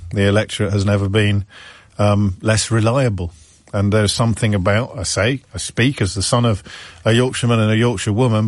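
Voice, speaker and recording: A man's voice: medium pitch, dry recording. A man hosting a radio phone-in from England, musing wryly and restarting his sentences as he talks. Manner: wry, discursive, repeats words when restarting. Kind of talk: talk radio monologue. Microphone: studio microphone.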